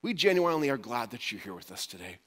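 A pastor preaching a storytelling sermon, often dropping to a hushed voice for quoted words. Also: male voice, medium pitch, big pitch swings, quick pace, husky, long reverb tail.

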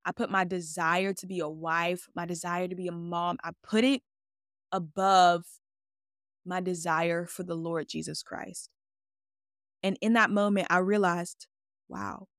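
A woman's voice: lowish voice, fairly bright tone, no echo, studio quality. A woman hosting a faith podcast, speaking casually and expressively and acting out her own quoted words. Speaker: podcast host.

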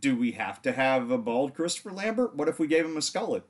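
A man's voice: mid-range voice, very animated, quick pace. A man co-hosting a podcast, joking around and swearing freely in casual chat.

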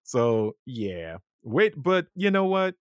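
Podcast host telling stories, super animated, laughs alot, dry close sound. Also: mid-range voice, slow, clear, resonant tone, no echo. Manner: animated storyteller, acts out quotes, laughs often. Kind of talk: casual chat.

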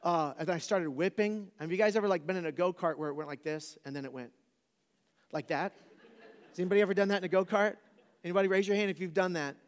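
A man's voice: sits high, quick pace, long reverb tail. A man in his forties, a preacher telling a funny personal story to a live audience, casual and joking, often asking the crowd questions.

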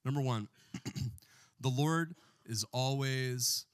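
A man's voice: medium pitch, drawn-out words, clean tone, dry recording. A man preaching a sermon as pastor in a church, joking with the congregation and calling for responses.

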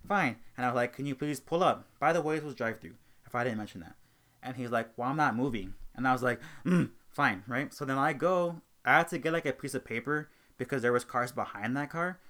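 A young man hosting a casual talk show, telling an animated story about a rude customer and acting out both sides of the argument. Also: mid-range voice. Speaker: host.

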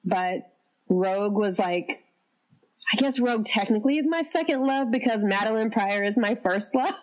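A woman's voice: medium pitch, moderate pace. A woman from the Southern United States, a podcast guest, telling stories in casual chat and laughing often. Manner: laughs often, animated storytelling.

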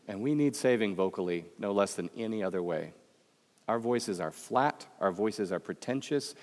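Expressive man preaching in a chapel. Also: lowish voice. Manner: expressive, swings between emphatic and hushed delivery. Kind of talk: chapel sermon. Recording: long chapel reverb.

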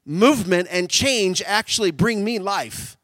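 A man preaching a sermon, animated, swinging from loud shouts down to quiet, intimate tones. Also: high voice, unhurried, no echo.

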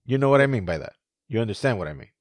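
Brief: man co-hosting a podcast, lively swinging pitch, swears freely, laughs a lot, dry close sound. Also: very fast, dry recording. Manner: animated, profane, laughs often. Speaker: podcast co-host. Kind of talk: casual chat.

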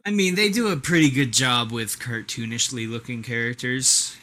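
A man in a casual podcast chat whose voice has a bright, pointed edge. He speaks bluntly and tosses in dry one-liners. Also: medium pitch, moderate pace. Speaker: podcast co-host.

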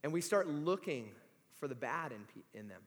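Man preaching in a high voice. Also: normal speed. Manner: conversational, animated, emphatic. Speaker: pastor. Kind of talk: sermon. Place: large hall or church. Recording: long reverb of a big hall.

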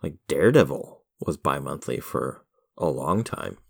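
A man's voice: rumbling low, animated, a little slow, gravelly. A man co-hosting a comic book podcast, chatting casually in a wry way and laughing often. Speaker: podcast co-host. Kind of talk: casual chat.

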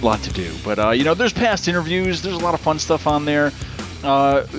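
A man hosting a podcast in casual chat, rambling and swearing freely. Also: fairly high pitch. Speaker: podcast host.

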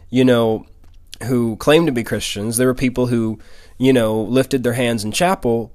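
A man's voice: medium pitch, a little mellow, no echo, studio quality. A man, preaching a sermon and telling a personal testimony in an earnest, emphatic way. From Louisiana, US. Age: 20s. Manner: earnest storytelling, emphatic repetition.

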